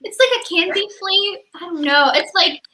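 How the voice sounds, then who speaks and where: Young woman host, high and animated, chatty and giggly, video call with noticeable background hiss. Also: brisk, rough recording. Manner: chatty, animated, laughs often. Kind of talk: casual group video chat.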